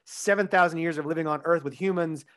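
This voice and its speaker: A man co-hosting a podcast, explaining his view of a film in a measured, casual way. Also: on the high side, fairly bright tone. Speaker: podcast co-host. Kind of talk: casual film review chat.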